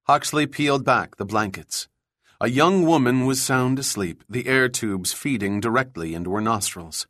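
A man narrating a thriller audiobook in an even, measured storytelling voice. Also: medium pitch, dry recording, studio quality. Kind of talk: scripted narration.

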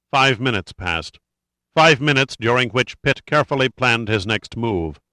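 Bright-voiced male audiobook narrator. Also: medium pitch, dry recording.

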